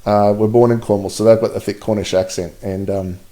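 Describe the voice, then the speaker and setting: Mellow-voiced man hosting a stream. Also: lowish voice, steady tone, brisk. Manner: chatty, reads out viewer comments, laughs often. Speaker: livestream host. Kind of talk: casual live-stream commentary.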